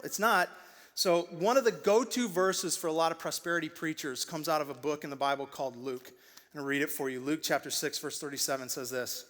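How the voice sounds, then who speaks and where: A man preaching a sermon as pastor, telling stories with animated quoted voices. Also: a little high, fast talker. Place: church stage. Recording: long hall reverb.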